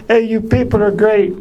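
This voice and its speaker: A man doing stand-up comedy in a small theater with a weak, high voice from voice surgery. He teases the audience with innuendo. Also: a little slow, a crowd in the background, low-quality recording. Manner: teasing banter with the audience, full of innuendo. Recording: live show with audience laughter.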